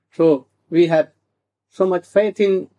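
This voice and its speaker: A man telling a devotional story slowly, with halting restarts and asides asking "hmm?". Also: high voice, steady tone, warm tone.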